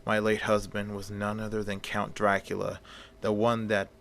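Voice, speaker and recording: A haughty vampire countess, cool and threatening, as a man reading a homemade story puts her on. She speaks low and quiet at the threats. It stays close to the reader's own fairly low voice. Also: monotone, moderate pace, creaky, slight background noise. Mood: cool menace.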